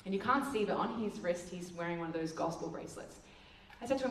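A woman with a fairly low voice gives a slide talk, telling a story with lively, acted-out dialogue. She sounds a little away from the mic, in an echoey room, with faint ambience behind her. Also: fast talker, distant mic, a little hiss or hum. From Australia. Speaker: missions speaker. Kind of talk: presentation with slides. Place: hall with presentation slides.

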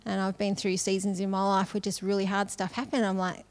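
A woman's voice: mid-range voice, flat delivery, brisk. A middle-aged woman giving a sermon in a casual, conversational way, often laughing between phrases. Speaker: conference speaker.

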